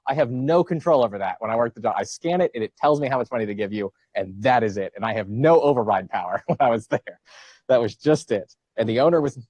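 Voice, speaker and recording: A man's voice: lowish voice, darkish tone, no room sound. Joking man lecturing a class. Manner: casual, joking, asks the class questions. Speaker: college professor. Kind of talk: classroom lecture with student banter.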